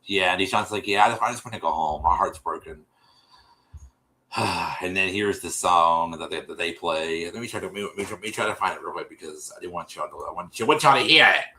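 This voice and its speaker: A man's voice: low voice, a little fast, pushed and bright, reverberant, low-quality recording. A man hosting a podcast, casually retelling a TV episode in a rambling way, with many restarts and quoted voices. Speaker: podcast host.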